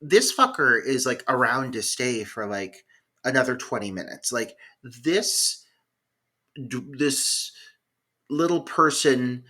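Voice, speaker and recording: A man's voice: mid-range voice, lively intonation, slow, pushed and bright. A man co-hosting a podcast, chatting casually about a film in a rambling, profane way, full of "like" fillers. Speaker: podcast co-host. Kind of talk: casual film review chat.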